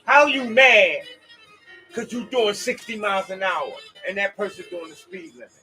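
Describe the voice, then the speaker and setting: A man's voice: sits high, brisk, bright, forceful tone, faint music behind, low-quality recording. A man hosting a rambling, preachy monologue, swearing and talking to his listeners as y'all. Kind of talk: casual spoken monologue.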